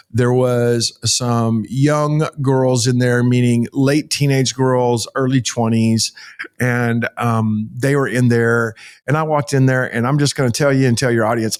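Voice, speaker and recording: A pastor, a man from Texas, telling a story as a podcast guest in a folksy, animated way. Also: medium pitch. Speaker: pastor and ministry founder, guest.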